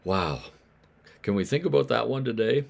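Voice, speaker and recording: A man's voice: mid-range voice, lively intonation, normal speed, gravelly. A man preaching a daily Bible devotional in a conversational way, asking his listeners questions and acting out the voices of grumbling neighbors.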